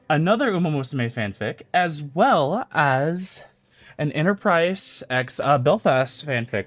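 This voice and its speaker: A male streamer chatting loosely and swearing freely, then reading fan fiction aloud. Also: medium pitch. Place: home streaming setup.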